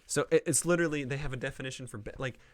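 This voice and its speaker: Guy rambling on his solo podcast, lots of ums and likes, smooth voice, dry close sound. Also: mid-range voice, rapid-fire, no room sound. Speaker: podcast host. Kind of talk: casual solo podcast chat.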